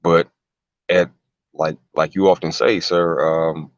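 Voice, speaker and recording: Very deep-voiced man, lo-fi. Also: level tone, takes it slowly, no echo. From United States. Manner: emphatic, repeats words, rhetorical questions. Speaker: guest. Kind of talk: casual conversational interview.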